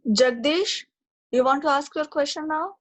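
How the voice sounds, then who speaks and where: A woman's voice: high-pitched, moderate pace. A woman moderating an online class, calling on each student in turn with brief invitations to ask their question.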